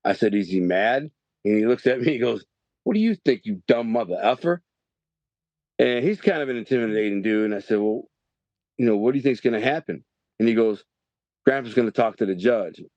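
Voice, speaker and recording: A man's voice: on the low side, a little fast, a little mellow, no echo, highs cut off. A middle-aged man from Detroit, telling a rambling story in a podcast interview and often restarting his sentences. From Detroit, Michigan. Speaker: podcast guest.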